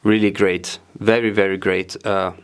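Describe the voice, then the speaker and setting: A man whose first language is German, casually showing his home studio gear, halting with many fillers and repeats as he searches for English words. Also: fairly low pitch, flat delivery, clean tone.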